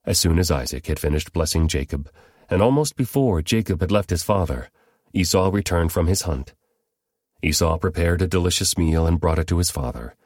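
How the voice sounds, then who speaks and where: A man narrating a Bible story in a steady, even reading voice. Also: low-pitched, a little fast, no room sound, clean studio sound.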